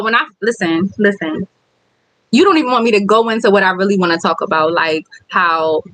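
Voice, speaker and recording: A woman's voice: medium pitch, a bit bright, no room sound, rough recording. A woman vlogger with kids, talking candidly on a casual livestream and reading viewer comments aloud. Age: adult with kids.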